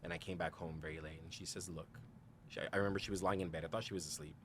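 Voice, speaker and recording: Deep and steady, the man talks very fast against background noise. He's a guest on a podcast, openly recounting something personal, quoting the people involved in dialogue, leaning heavily on "like" and "you know," and laughing frequently.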